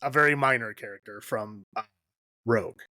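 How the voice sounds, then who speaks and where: A man's voice: mid-range voice, moderate pace, pushed and bright, no room sound. A man hosting a casual horror podcast, chatting with a co-host and laughing often as he trails off mid-thought.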